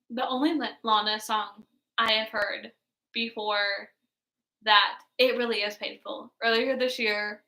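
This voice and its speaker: A woman in her twenties with a fairly high, pushed, bright voice rambles casually as she reacts to an album, full of filler words. She's a music reaction vlogger, and the room she's in is echoey.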